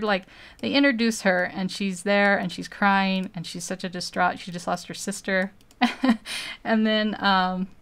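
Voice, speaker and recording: Chatty woman with a smooth voice. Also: mid-range voice, a bit bright. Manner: rambling, chatty, laughs often. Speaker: streamer drawing live. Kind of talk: casual live-stream chat.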